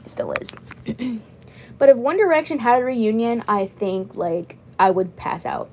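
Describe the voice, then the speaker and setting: A woman's voice: a little high, expressive, a little slow, darkish tone, rough recording. A woman in her twenties chatting casually on a livestream, rambling and repeating herself. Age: 20s. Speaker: vlogger.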